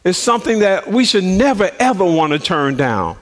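Animated male radio preacher. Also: normal speed. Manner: animated, laughs often, swings pitch widely. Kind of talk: preaching with personal storytelling.

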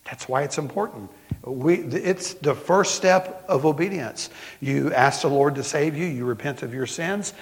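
A middle-aged man with a Southern accent, preaching a sermon as pastor in folksy storytelling style, slowing down for emphasis. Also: fairly high pitch. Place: church sanctuary. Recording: long hall reverb.

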